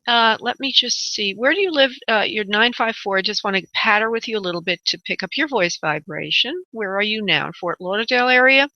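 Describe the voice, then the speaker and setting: A woman hosts a call-in psychic radio show, chatting in a rambling way and calling her callers honey and darling. Her voice is bright and ringing. The sound is dull and lo-fi, recorded dry and close with no room echo. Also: mid-range voice, a little fast, few pauses. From United States. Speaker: psychic medium radio host. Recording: dull lo-fi internet radio audio.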